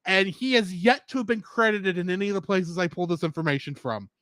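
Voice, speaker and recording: A man's voice: high-pitched, fast, a bit bright, no room sound. A man co-hosting a casual podcast review, jokey, slipping into mock accents and movie quotes. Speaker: podcast co-host.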